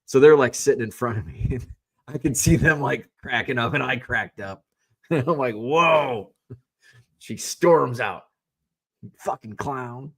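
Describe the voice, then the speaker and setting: A middle-aged man hosting his own stream, telling a story in a rambling, animated way with lots of fillers. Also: mid-range voice, measured pace, long pauses, slightly rough. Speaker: streamer host. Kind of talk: casual storytelling.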